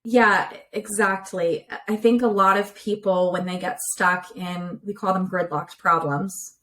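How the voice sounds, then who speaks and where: A woman relationship therapist, a podcast guest, explains ideas clearly in a conversational interview over a remote call, and she uses many everyday examples. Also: mid-range voice, fairly even intonation, measured pace, fairly bright tone, rough recording.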